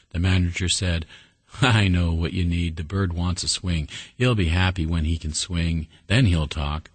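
A man preaching a sermon and telling a folksy story, earnest and steady. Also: sits low, unhurried, husky, dry recording.

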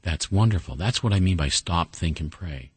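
Male radio preacher, deep husky voice, dry close mic, folksy and earnest. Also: moderate pace, no room sound. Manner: folksy storytelling, earnest and steady. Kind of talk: sermon.

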